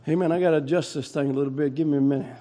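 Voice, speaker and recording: A man preaching a sermon, shouting in rising bursts and then dropping low and soft. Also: steady tone, racing.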